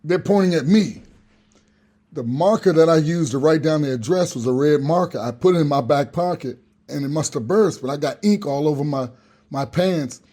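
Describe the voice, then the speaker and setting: A man telling a comic story on a radio show, animated and acting out the other people in it. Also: on the high side, moderate pace. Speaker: regular guest.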